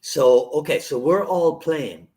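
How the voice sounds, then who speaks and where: A man's voice: a little high, slow, mellow. A man hosting a podcast, easygoing and telling stories in casual chat. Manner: easygoing, storytelling. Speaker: podcast host.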